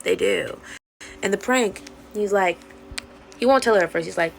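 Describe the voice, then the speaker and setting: A woman casually retelling a webtoon plot to her viewers, animated and swearing freely, acting out the characters' lines. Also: medium pitch, moderate pace, vocal fry, slight background noise, poor audio. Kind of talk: casual storytime rant.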